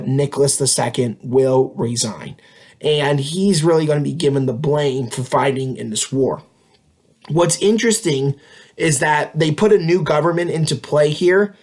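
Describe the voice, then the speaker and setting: Casual male history teacher lecturing. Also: mid-range voice. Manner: conversational, many fillers and tag questions.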